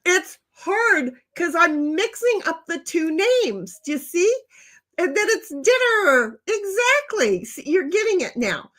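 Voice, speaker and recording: An older woman with a high voice hosts a casual livestream chat. She rambles from one comment to the next. She talks bluntly and swears now and then. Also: big pitch swings, takes it slowly, a bit bright. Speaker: livestream host reading chat.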